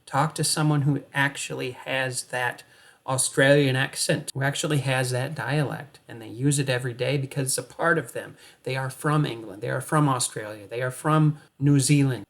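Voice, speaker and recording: A man coaching actors in an energetic, playful talk straight to the viewer. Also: mid-range voice, normal speed. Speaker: acting coach. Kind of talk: coaching monologue to camera.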